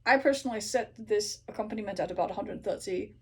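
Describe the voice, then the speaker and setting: A woman and native English speaker teaching how she practices an aria, who breaks into slow sung Italian phrases and asks "okay?" again and again. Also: medium pitch, breathy edge. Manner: repeats sung Italian phrases slowly, checks in with "okay?" constantly. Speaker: singer teaching her practice method. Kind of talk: casual vocal tutorial.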